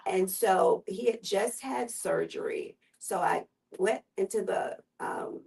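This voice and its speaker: A woman guest with a gravelly voice telling her personal story in an earnest, unhurried way. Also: mid-range voice, a little mellow, recorded from a distance, low-quality recording. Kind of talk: personal testimony in conversation.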